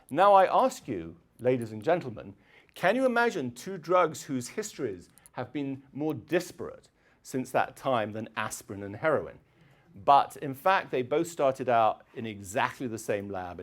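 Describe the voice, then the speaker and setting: A middle-aged man giving a chatty public lecture, often clearing his throat and filling pauses with um and uh. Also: medium pitch. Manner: chatty, digressive, frequent throat clearing and fillers. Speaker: university lecturer. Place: lecture hall.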